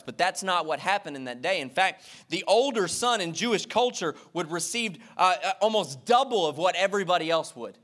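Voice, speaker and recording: A man's voice: fairly high pitch, a bit bright. A male pastor preaching a sermon with impassioned, emphatic repetition, speaking directly to his congregation.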